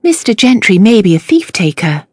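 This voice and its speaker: A woman voicing a proud, decisive young lady who speaks crisply in an audiobook. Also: medium pitch, sing-song, normal speed, dry recording, clean studio sound.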